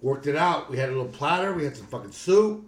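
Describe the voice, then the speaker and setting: A man's voice: a little high, animated, fast talker. A man co-hosting a casual podcast, loose and profane as he banters with friends. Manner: swears a lot, banters loosely. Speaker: podcast co-host. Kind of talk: casual chat. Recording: echoey room with faint noise.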